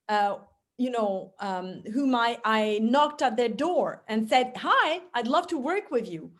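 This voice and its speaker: A middle-aged French woman with a French accent, speaking English as a guest in a relaxed interview, animated with frequent fillers and restarts. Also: high-pitched. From France. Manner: expressive, many fillers and restarts. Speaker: speechwriter guest. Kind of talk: conversational interview.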